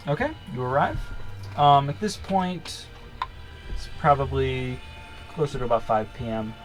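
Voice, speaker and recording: A young adult man running a tabletop game as game master, narrating with frequent ums and pauses. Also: medium pitch, expressive, soft background music. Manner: hesitant, fills with ums while narrating.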